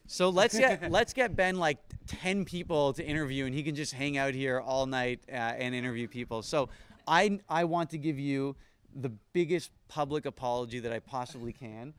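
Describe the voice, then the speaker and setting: A man hosting a casual live podcast chat at a camp event, animated and laughing often, tired from no sleep. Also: medium pitch, normal speed, clean tone. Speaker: podcast host.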